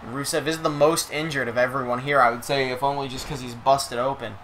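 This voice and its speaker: Bright-voiced young man calling the action. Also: medium pitch, steady tone, a little fast, slight background noise. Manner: chatty, self-correcting, playful asides. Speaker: streamer. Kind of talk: casual play-by-play commentary.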